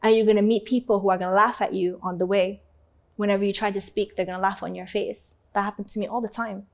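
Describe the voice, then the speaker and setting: A woman's voice: medium pitch, fast talker, vocal fry. A woman guest in an interview telling her own story with emphasis and a bit of casual swearing. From North Africa. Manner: animated, emphatic, acts out other people's voices.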